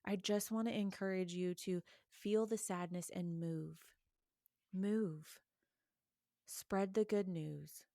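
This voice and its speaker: A woman's voice: lowish voice, fairly even intonation, slow pace, mellow, dry recording, studio quality. A woman giving an earnest, encouraging faith reflection, urging listeners directly. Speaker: Christian podcast host.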